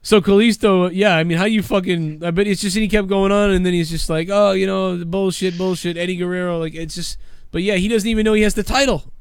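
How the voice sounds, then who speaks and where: Guy hosting a podcast, kinda high voice, swears a ton, going hoarse, dry sound. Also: steady tone, quick pace, dry recording. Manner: crude, rambling, swears a lot. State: losing his voice. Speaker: podcast host. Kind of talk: casual live-stream wrestling chat.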